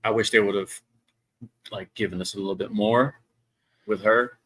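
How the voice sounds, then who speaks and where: A man with a fairly low voice and a bright, forward edge chats on a podcast. He talks in a relaxed, hesitant way, filling pauses with ums as he looks for the words. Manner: laid-back, hesitant, many ums. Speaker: podcast co-host. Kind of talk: casual chat. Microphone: podcast mic.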